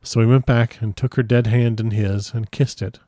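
A man reading a first-person literary story aloud in a measured, solemn manner. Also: medium pitch, fairly even intonation, mellow, dry recording, studio quality. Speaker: audiobook narrator.

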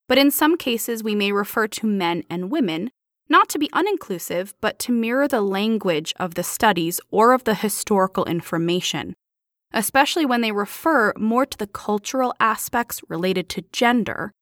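Lively sarcastic woman co-host. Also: medium pitch, dry recording, clean studio sound. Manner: sarcastic quips. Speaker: podcast co-host. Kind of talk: casual podcast chat.

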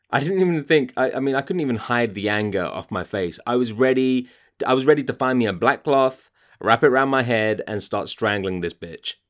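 A man's voice: medium pitch, lively intonation, moderate pace. A man hosting a podcast, ranting in an exasperated, profane monologue. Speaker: podcast host.

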